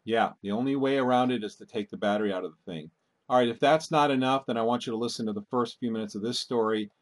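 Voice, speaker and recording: A man speaks in an urgent, warning tone as he hosts his own commentary video. His voice sits at an ordinary middle pitch. He often breaks off mid-word and starts over. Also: fast talker. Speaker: video host. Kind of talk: casual commentary.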